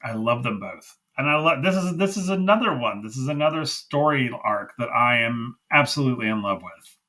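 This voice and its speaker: Male podcast co-host, bright tense voice, effusive casual chatter. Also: medium pitch, expressive, a little fast, rough recording. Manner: gushing, emphatic, repeats himself. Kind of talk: casual wrestling review chat.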